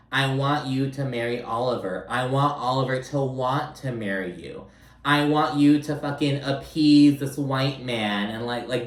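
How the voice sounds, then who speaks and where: Profane, chatty man recapping reality TV. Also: mid-range voice. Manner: blunt, profane, filler-heavy with sarcastic quoted asides. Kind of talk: casual recap commentary. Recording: roomy echo, a bit off-mic.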